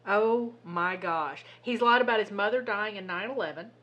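A woman co-hosting a casual podcast, telling a story in an animated, exasperated way and swearing now and then. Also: medium pitch, moderate pace, highs cut off. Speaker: podcast co-host. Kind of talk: casual chat.

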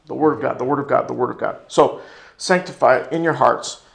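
A man's voice: medium pitch, a little fast, vocal fry, roomy sound. A man with an American accent teaching a church ministry class in sermon style, repeating key phrases and calling for responses from the room.

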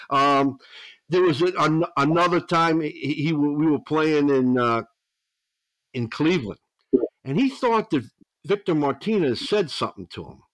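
A man, a veteran pitching coach, telling rambling stories as a podcast guest, with frequent restarts and 'you know's. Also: fairly bright tone, no room sound, rough recording. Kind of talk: storytelling podcast interview.

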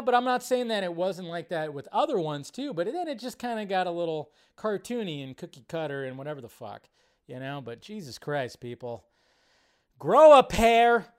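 Man, high-pitched, animated live movie-show host, casual ranter who swears and swings from loud to hushed. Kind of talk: casual live-stream rant.

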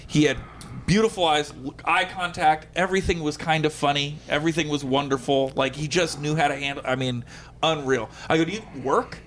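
A man casually telling an animated stand-up story, acting out quotes and using lots of fillers. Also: on the high side, a little fast, slight background noise. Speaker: guest comedian.

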